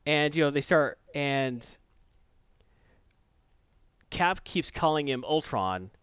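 A man hosting a comic book podcast, recapping an issue in a rambling, animated way with casual asides. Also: on the high side, slow pace, clear, resonant tone, dry recording. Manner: rambling, animated storyteller who acts out quotes. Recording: dull lo-fi dry recording.

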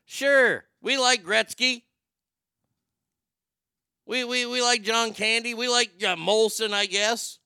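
A man with a high, gravelly voice that still comes through crisp and clean. He riffs on the news in a sarcastic, rambling way, swearing freely as he goes. The sound is close and dry, with no room around it. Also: steady tone, slow, pauses often, bright, forceful tone, no room sound. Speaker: show host. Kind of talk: profane comedic news commentary.

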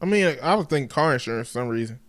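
A man's voice: mid-range voice, lively intonation, racing. A middle-aged man hosting a casual talk show, telling stories with profane, emphatic talk. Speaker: podcast host. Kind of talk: casual chat.

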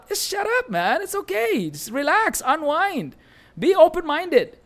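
Speaking very high and at a moderate pace, this man answers audience questions as an Islamic teacher during a bantering live-stream chat. He is a native Arabic speaker with a Lebanese accent and scatters Arabic phrases throughout.

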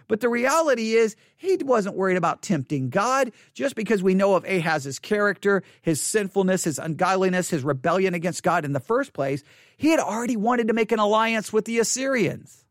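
High-voiced candid male pastor. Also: expressive, moderate pace, no room sound, clean studio sound. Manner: candid, self-deprecating, repeats phrases. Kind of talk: sermon podcast.

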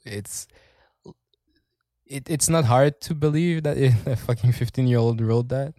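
A man in casual podcast chat, rambling through a story with plenty of swearing and laughs in the middle of his sentences. His voice sits at an ordinary middle pitch, recorded dry and close with no room sound. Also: unhurried, mellow, dry recording. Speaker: podcast co-host.

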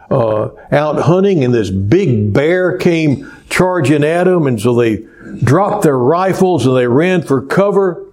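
Male preacher, unhurried sermon delivery, warm low timbre, deliberate pauses. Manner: slow, deliberate storytelling with pauses.

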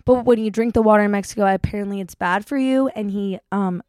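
A young adult woman vlogger telling a story in a chatty, animated way and acting out what people said. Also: medium pitch, fast, clear, resonant tone, no room sound. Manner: chatty, animated, acts out quotes. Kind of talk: casual storytelling vlog.

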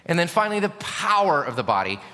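Male pastor, sermon delivery, bright and forceful tone, long church reverb. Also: fairly high pitch, fast. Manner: animated, asks the congregation questions. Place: church sanctuary.

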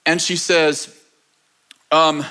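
A man with a high, light voice preaches through a personal story. He tells it in an animated way, laughter breaking into his words as he goes. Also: extremely slow. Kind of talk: sermon testimony storytelling.

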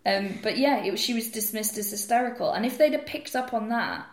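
A woman's voice: fairly high pitch, fairly quick. A young woman co-hosting a comedy podcast, telling bawdy, sweary stories with frequent laughter. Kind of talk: casual comedic chat. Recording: roomy echoey podcast room.

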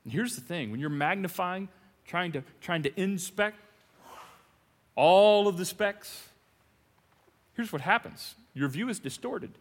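Animated high-voiced preacher in a hall. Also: male voice, unhurried, pauses often. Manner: animated, dramatic swings from loud to hushed; playful, jokey asides. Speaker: pastor. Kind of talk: sermon.

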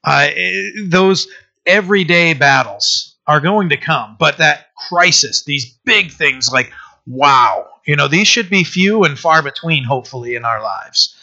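A man's voice: fairly high pitch, lively intonation, measured pace, pushed and bright. A middle-aged man preaching a conversational sermon, rambling, with many restarts and fillers. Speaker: pastor. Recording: dull lo-fi sermon recording.

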